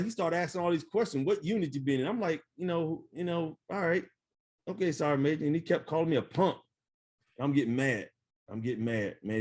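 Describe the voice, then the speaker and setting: A middle-aged man, a retired army first sergeant, telling stories in a casual interview, animated, laughing often and full of fillers. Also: on the high side.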